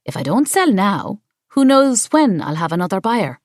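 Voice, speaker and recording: A woman's voice: medium pitch, big pitch swings, normal speed, dry recording, clean studio sound, pitched above the performer's own voice, natural voice. A woman reading the part of a cool, businesslike landlady pressing a deal. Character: cool, pushy woman landlord in a pristine suit.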